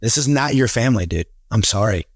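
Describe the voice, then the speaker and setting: A man in a casual podcast conversation, telling stories with animated quoted voices. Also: mid-range voice, fairly quick, husky, dry recording, clean studio sound. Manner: animated storyteller, acts out quotes. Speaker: real estate team leader, podcast guest.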